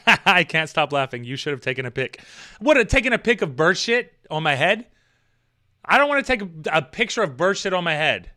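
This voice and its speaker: A man's voice: a little high, very animated, brisk, sharp tone. A young man streaming live, reading out chat comments and ranting with plenty of swearing.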